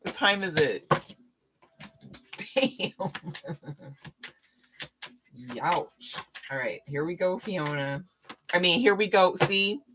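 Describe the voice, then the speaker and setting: A woman's voice: on the low side, expressive, background noise. A woman reading tarot on a live stream, chatting casually with viewers, laughing often and teasing them. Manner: slow, drawn-out speech with fillers.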